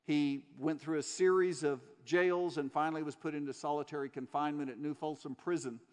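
A man's voice: fairly high pitch, steady tone, brisk. A man preaching a sermon, telling a story earnestly and driving points home with repetition. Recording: long hall reverb.

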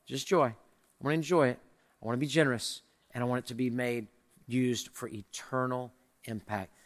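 A man preaching a sermon as pastor, emphatic and repetitive with a joking streak, closing in a softer spoken prayer. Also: medium pitch, fairly even intonation, fairly quick, in a large hall.

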